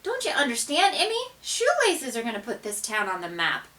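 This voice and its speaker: A woman's voice: fairly high pitch, wildly swooping pitch, normal speed, bright, forceful tone, voice pushed up, full character voice. A woman voicing an eager little boy in a storybook, asking earnest questions.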